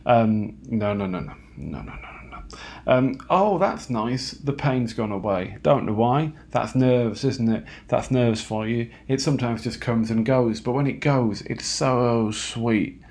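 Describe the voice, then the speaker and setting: A man talking alone at home late at night, halting and self-mocking, with lots of fillers and restarts. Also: mid-range voice, a little mellow. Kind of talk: rambling late-night monologue.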